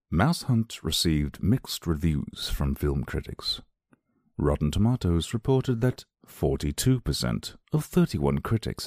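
A man's voice: extremely low pitch, darkish tone, no echo, clean studio sound. A man reviewing films on his own podcast, talking casually, enthusiastically and in a rambling way.

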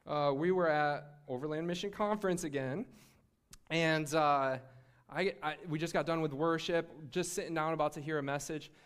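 A man giving a sermon-style faith testimony, telling his story in an animated way with laughter and frequent restarts. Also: on the high side, moderate pace, clear, resonant tone. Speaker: speaker sharing a faith testimony.

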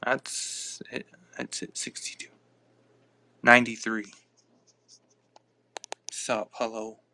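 A man's voice: fairly low pitch, little pitch movement, takes it slowly, pushed and bright. A man hosting a casual live podcast on his phone, rambling and reacting aloud to listener comments. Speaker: podcast host.

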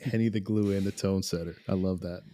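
A man co-hosting a podcast in a casual chat, reacting with wry, amused remarks and gentle teasing. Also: deep voice, steady tone, a little fast, no echo. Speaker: podcast co-host.

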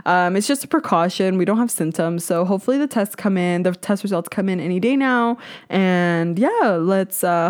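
A young woman hosting her own podcast in casual solo chat, candid and swearing freely, now and then mimicking other people in a high, squeaky voice. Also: darkish tone. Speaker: podcast host.

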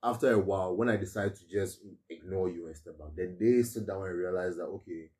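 A man's voice: deep voice, warm tone, recorded from a distance. A man, chatting casually as a podcast co-host and restarting his sentences often. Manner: talks fast with many restarts and fillers. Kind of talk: casual chat.

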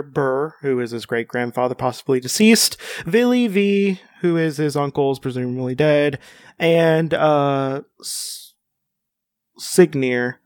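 A man chats casually about comics, wandering through his points with plenty of fillers and restarts. His voice sits a little high for a man. The recording is dry and close. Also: no room sound. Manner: rambling, many fillers and restarts. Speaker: podcast co-host. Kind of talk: casual comic-book chat.

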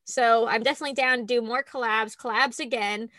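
A woman's voice: fairly high pitch, a little fast, dry recording, clean studio sound. A woman co-hosting a podcast, chatting casually with frequent laughter and lots of "like". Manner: giggly, animated, lots of "like". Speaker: podcast co-host. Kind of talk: casual chat.

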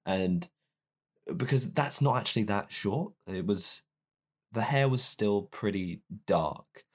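A young man with a low, deep voice tells a personal story to camera. His delivery is candid and self-deprecating, and he rambles as he speaks. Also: animated, slow.

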